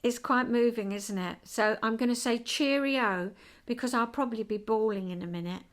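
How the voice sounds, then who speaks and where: An older woman hosting a casual home vlog, chatty and rambling and quick to get excited. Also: on the high side. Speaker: vlog host.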